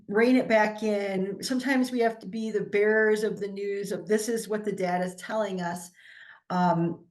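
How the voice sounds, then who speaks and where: A woman's voice: mid-range voice, darkish tone. A woman guest on a video call, talking through finance points in an explanatory way, often restarting her phrases. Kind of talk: casual video call discussion.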